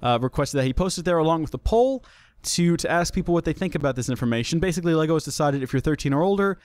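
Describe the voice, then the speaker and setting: A man's voice: on the high side, lively intonation, fast, darkish tone, no echo. A young man hosting a casual solo podcast, chatty and jokey, often restarting his sentences. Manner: chatty, jokey, self-deprecating, with many restarts. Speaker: podcast host.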